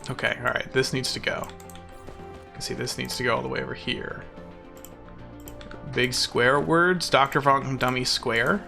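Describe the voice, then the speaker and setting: Over music, a man livestreams a game, his medium-pitched voice steady, unhurried and creaky, with frequent pauses. He chats playfully in casual commentary, bragging in mock-boastful fashion and laughing often.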